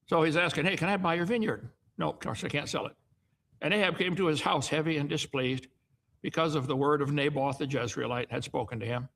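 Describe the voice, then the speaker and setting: Gravelly man reading and explaining scripture. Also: on the high side, fairly bright tone. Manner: folksy asides ending in "okay?". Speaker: Bible teacher.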